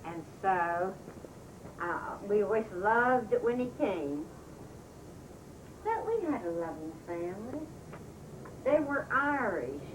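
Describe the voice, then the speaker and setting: A woman's voice: medium pitch, very animated. Older woman reminiscing from across the room. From West Virginia. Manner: rambling, unhurried, laughs often. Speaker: family storyteller. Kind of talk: reminiscing oral history. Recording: distant mic, noisy home recording.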